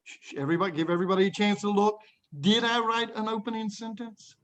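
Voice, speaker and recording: This classroom lesson has a man with a high-pitched, fast voice teaching young students English writing. Animated and playful, he puts on little voices to act out examples and often quiets the children.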